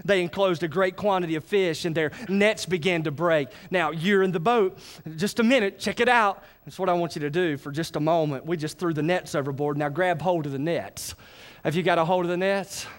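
A man preaches in a high, bright-pitched voice. He is animated and folksy, often stopping to check that the congregation is with him. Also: normal speed. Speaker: pastor. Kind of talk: sermon.

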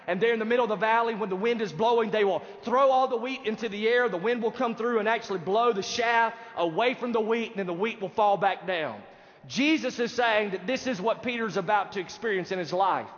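Male pastor, emphatic sermon delivery, muffled lo-fi sound, high voice. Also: a little fast. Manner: emphatic preaching, addresses congregation directly. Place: church sanctuary. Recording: dull sound in a reverberant hall.

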